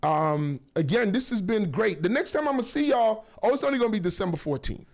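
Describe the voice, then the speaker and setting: A man hosting a casual talk radio show, rambling and joking with lots of shout-outs and self-corrections, on a studio microphone. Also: sits high, animated, brisk.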